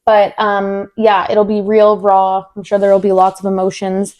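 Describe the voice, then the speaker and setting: Young woman, podcast co-host, warm mellow tone, casual storytelling, lots of "like". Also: mid-range voice, normal speed. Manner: animated, acts out quoted dialogue, many "like" fillers.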